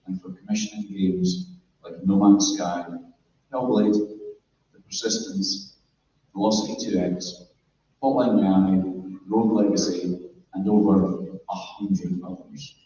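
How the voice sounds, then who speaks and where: Low mellow-voiced guy introducing a speaker, echoey hall, sounds far off. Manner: runs through a long list of credits. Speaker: event host introducing the speaker. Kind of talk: reading out an introduction. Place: large echoey event room. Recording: echoey, muffled, distant with faint noise.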